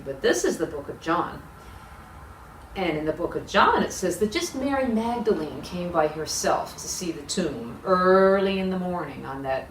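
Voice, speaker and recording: A woman leading children's worship, telling a Bible story with big expressive swings, recorded in a roomy space from a distance. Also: fairly low pitch. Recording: echoey room, distant mic, faint hiss.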